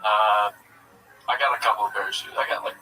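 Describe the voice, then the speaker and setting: A man doing a stand-up set, delivering crude jokes in a halting way with lots of fillers, then chatting about himself. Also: lowish voice, steady tone, distant mic, background noise. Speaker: stand-up comedian, guest.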